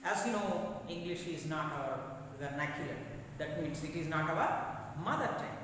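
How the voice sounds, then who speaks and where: Man, Telugu accent, english teacher, deliberate repeating lecture, heavy echo, far from mic. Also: on the high side, animated, background noise. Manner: slow, deliberate, repeats key words. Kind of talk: classroom lecture. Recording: echoey hall recorded from afar.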